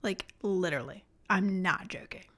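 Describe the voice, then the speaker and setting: A young woman co-hosting a casual podcast chat, gushing and excited, who often drops to a whisper for emphasis. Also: medium pitch, moderate pace. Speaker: podcast co-host.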